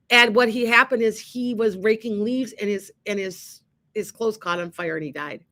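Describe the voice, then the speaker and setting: Middle-aged woman, radio host and medium, bright voice, lively storyteller who restarts often. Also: mid-range voice, moderate pace. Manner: animated, acts out quoted dialogue, many restarts. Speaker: psychic medium and show host. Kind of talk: casual storytelling on an internet radio show.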